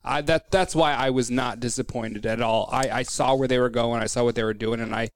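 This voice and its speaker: A man co-hosting a casual podcast, talking bluntly with lots of swearing and animated rants. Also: mid-range voice, a little fast, no room sound. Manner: blunt, profane, animated ranting. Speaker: podcast co-host. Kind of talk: casual chat.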